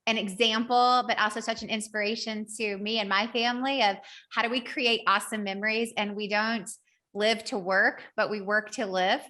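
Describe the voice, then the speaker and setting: A woman's voice: mid-range voice, steady tone, moderate pace, bright, forceful tone. A woman with a Southern US accent hosting a podcast, chatty and upbeat, saying y'all often. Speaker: podcast host. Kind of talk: casual podcast talk and recap.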